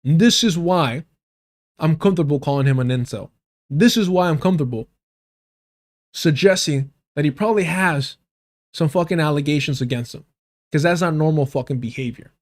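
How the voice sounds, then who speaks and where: A man from the States delivers a heated livestream rant. He talks bluntly, swears freely and hammers his points by repeating them. His voice sits a little high for a man. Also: normal speed, pauses often. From United States. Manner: blunt, profane, repeats lines for emphasis. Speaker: livestream commentator.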